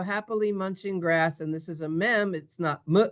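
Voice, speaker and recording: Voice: mid-range voice, normal speed, hardly any pauses. A Hebrew teacher leading a playful, sing-song classroom reading lesson and acting out the letter sounds. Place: synagogue classroom.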